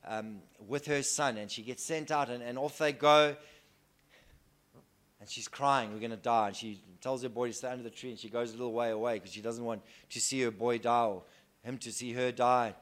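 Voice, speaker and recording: A man preaching a sermon earnestly, moving between soft hushed lines and loud emphatic declarations. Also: medium pitch.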